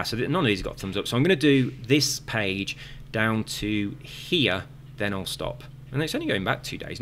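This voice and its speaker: A man's voice: on the low side, fairly bright tone, a little hiss or hum. Gaming video host, man, slight lisp, chatty, tangent-prone delivery. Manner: chatty, tangent-prone, many fillers and restarts. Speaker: gaming video creator reading viewer comments. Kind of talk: casual rambling commentary.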